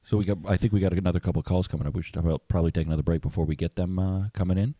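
Very deep fast-talking male co-host. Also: steady tone, dark tone, no echo, studio quality. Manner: quick, chatty, joking. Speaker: radio co-host. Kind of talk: casual radio banter.

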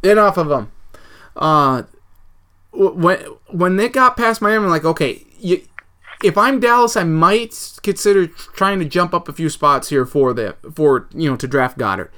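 A man co-hosting a casual sports podcast, rambling and animated with mock outrage at rival teams. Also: fairly high pitch, moderate pace. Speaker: podcast co-host.

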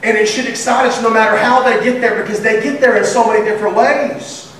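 Man, pastor, high voice, sermon, humorous and lively, excited shouts, echoey church, distant mic. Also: fast, slight background noise. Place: church sanctuary.

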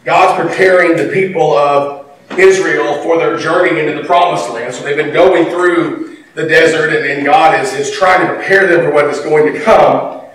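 A pastor preaching a sermon in a church, talking conversationally with emphatic bursts. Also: male voice, on the high side, a bit bright, a little hiss or hum. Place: church sanctuary. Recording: echoey hall from far off, faint ambience.

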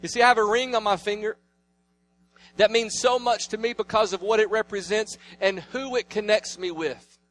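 A man in his thirties preaching a sermon, telling family stories and swinging between loud declarations and hushed asides. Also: high voice, fairly even intonation, normal speed. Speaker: pastor.

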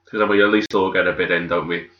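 A man's voice: low-pitched, fairly even intonation, fast. A man co-hosting a casual chat, full of swearing and banter. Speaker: podcast co-host. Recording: echoey room, dull sound.

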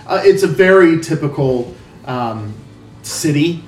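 A man's voice: a little high, animated, takes it slowly, roomy sound, far from the mic, faint music behind. A man narrating a tabletop game as game master, rambling with many fillers. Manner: rambling, filler-heavy description.

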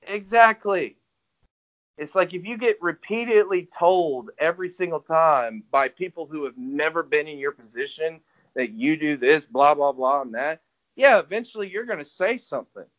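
A man's voice: a little high, animated, moderate pace, fairly bright tone. A man co-hosting a casual wrestling podcast, rambling, swearing and laughing as he retells what others said. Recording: dull lo-fi audio.

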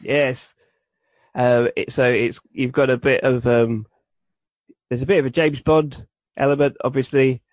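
A man's voice: mid-range voice, little pitch movement, a little slow, long pauses, dry recording. A man co-hosting a podcast, explaining a cartoon in a rambling, enthusiastic way. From United Kingdom. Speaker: podcast co-host. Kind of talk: casual chat. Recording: dull dry lo-fi recording.

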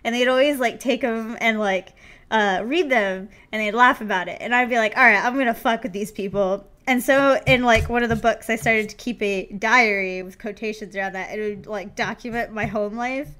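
A woman's voice: fairly high pitch, moderate pace, fairly bright tone. A young woman co-host telling a story in casual chat, laughing a lot, swearing and rambling with many fillers. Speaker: podcast co-host.

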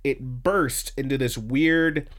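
A man's voice: medium pitch, slow, a bit bright. A man hosting a podcast, casually recapping an anime episode in a rambling, profane way with lots of fillers and restarts. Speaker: podcast host.

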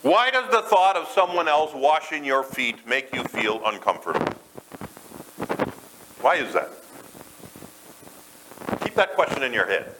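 Male pastor, lively up-and-down delivery, relaxed conversational sermon, noisy live church recording. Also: mid-range voice, measured pace, long pauses. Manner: conversational, asks the congregation questions.

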